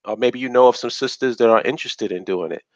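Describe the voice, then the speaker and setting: A man's voice: mid-range voice, fast, no room sound, lo-fi sound. A man hosting a casual live stream, talking bluntly and rambling, with profanity, on a budget USB mic.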